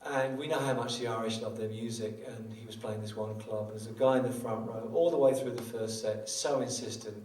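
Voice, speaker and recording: A man's voice: lowish voice, steady tone, a little fast, few pauses, darkish tone. An older man, a guitarist, chatting between tunes at a small live venue, self-mocking and rambling with joking asides. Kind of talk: between-song stage banter. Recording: roomy live venue, distant mic, guitar.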